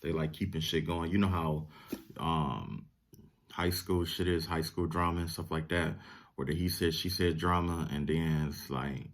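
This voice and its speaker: A young adult man giving a casual tarot reading in a relaxed, rambling way, full of fillers and asides. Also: very deep voice, measured pace. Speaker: tarot reader.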